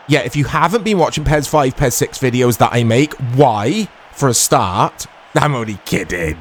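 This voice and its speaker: A man in his thirties casually commentating his own football video game, chatty and quick to get excited. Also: mid-range voice, a little hiss or hum. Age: 30s. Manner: chatty, easily excitable, self-deprecating. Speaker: gaming YouTuber.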